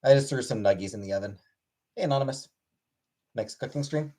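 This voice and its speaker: A man on a casual livestream reads chat, greeting viewers by name one after another and answering with dry, offhand replies. His mid-range voice is fairly quick and slightly dark in tone, and his manner is laid-back.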